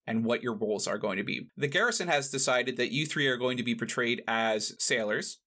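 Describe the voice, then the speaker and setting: A game master lays out the rules of the campaign in a patient, explanatory way. His voice is bright and sits at a middling pitch. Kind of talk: running a tabletop game.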